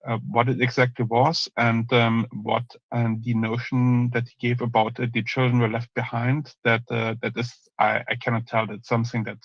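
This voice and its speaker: A man hosting a live online audio chat, answering questions with many ums and halting restarts. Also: mid-range voice, monotone, dry recording, lo-fi sound. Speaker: host.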